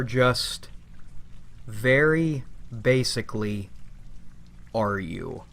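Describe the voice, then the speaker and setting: A man's voice: mid-range voice, takes it slowly, pushed and bright. A man giving a rambling, reflective monologue, casually swearing and calling his listeners "boys". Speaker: channel host.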